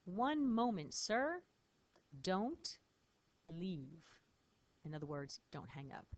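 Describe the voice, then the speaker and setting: This woman teaches French phrases with patience, spelling each word letter by letter in a recorded lesson. Her fairly low voice has a sing-song quality, and she speaks slowly.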